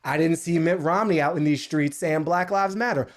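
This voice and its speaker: Animated, sarcastic American man. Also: moderate pace. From United States. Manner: animated, sarcastic, lively jokes with sudden high pitch jumps. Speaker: guest speaker, comedian. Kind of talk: comedic monologue.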